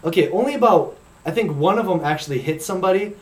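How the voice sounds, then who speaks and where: A man's voice: sits high, expressive, fast, roomy sound. A man co-hosting a casual talk show, telling a rambling, laid-back anecdote. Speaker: podcast co-host. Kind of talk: casual storytelling chat.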